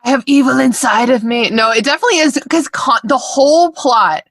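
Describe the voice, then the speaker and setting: Woman co-host, bright and blunt, foul-mouthed, dry close mic. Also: a little high, fast, no echo. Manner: blunt, swears freely, animated. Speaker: podcast co-host. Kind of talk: casual podcast chat.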